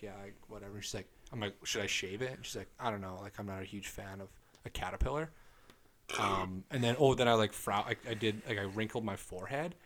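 Foul-mouthed young man telling a story. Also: lowish voice. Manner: animated storytelling, swears a lot, acts out text exchanges. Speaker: podcast co-host. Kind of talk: casual crude banter.

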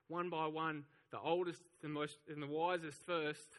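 A man's voice: fairly high pitch, flat delivery, moderate pace, fairly bright tone, big-room sound. A man preaching a sermon, telling the story with animation and acting out the voices of the crowd. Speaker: pastor.

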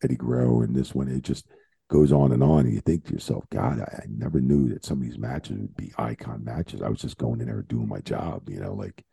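A man with a very low, gravelly voice and a dark, husky tone tells wrestling-road stories in loose chat, swearing freely and jumping up in pitch when he acts out what others said. He is from New Jersey, and the sound is dry and close. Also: brisk, no echo. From New Jersey, USA. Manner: animated storyteller, swears freely, acts out quotes. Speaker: retired wrestling referee, guest. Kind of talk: casual chat.

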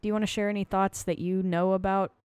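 A woman's voice: mid-range voice, flat delivery, quick pace, darkish tone, smooth, dry recording, clean studio sound. A woman, co-hosting a podcast in casual chat, gushing and emphatic. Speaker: podcast co-host. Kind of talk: casual chat about a film.

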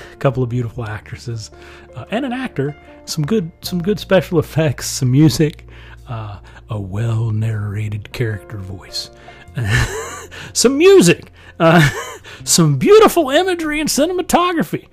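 Rambling, chuckling man in casual monologue. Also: on the high side. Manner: rambling and conversational, with frequent chuckles.

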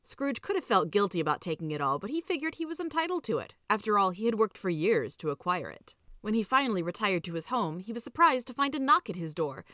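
A woman narrating a storybook tale in a measured, even way. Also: mid-range voice, no echo, studio quality. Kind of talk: storybook reading.

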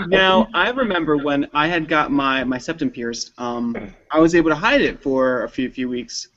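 Male host, high and lively voice, dull lo-fi sound, animated storyteller. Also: moderate pace. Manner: animated storyteller, shouts impressions of parents. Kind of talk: casual chat.

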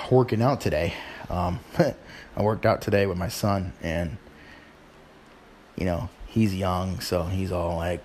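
A man's voice: lowish voice, darkish tone, slight background noise. A middle-aged man hosting his show in casual chat, rambling informally with sighs and restarts. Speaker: podcast host.

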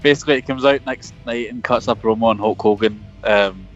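A man's voice: on the low side, brisk, soft background music. A man, co-hosting a podcast from his car, rambling and joking at himself. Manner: jokey, rambling, laughs at himself. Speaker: podcast co-host. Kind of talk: casual chat about wrestling history. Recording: dull lo-fi remote audio.

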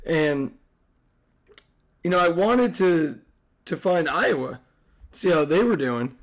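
A hoarse man hosting a casual sports podcast, excitable and profane, rambling with restarts. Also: a little high, slow pace, long pauses. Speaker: podcast host.

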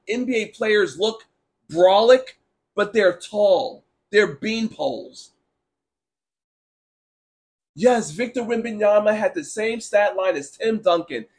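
A man hosting a casual sports talk stream, ranting bluntly and sarcastically while answering chat, with a sore throat. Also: high voice. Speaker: sports talk show host.

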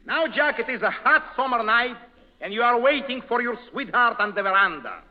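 A man's voice: very high voice, animated, a little fast. A man with a Russian accent, playing a blunt, bossy film director in a 1930s radio comedy who mangles his words. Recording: muffled old radio broadcast with long reverb.

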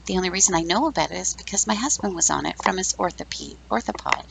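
Lady in her 50s ranting about stuff, really gravelly fry voice, sarcastic and blunt. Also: lowish voice, expressive, quick pace, few pauses, rough recording. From Canada. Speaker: podcast host. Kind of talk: casual opinion monologue.

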